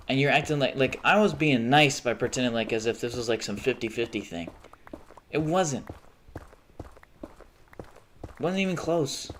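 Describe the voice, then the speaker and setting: This young adult has a medium-pitched voice and streams live from home against slight background noise. His casual rant is profane and constantly broken by self-interruptions and restarts.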